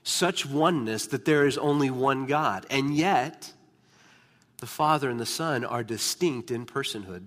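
A man preaching a sermon as pastor, emphatic, slowing down and dropping to a hush on key words. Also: medium pitch. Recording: long reverb of a large hall.

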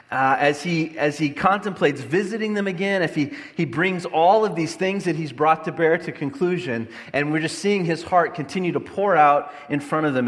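A man preaching a sermon as a pastor, passionate and emphatic, swinging from loud lines to quiet, low ones. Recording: long hall reverb.

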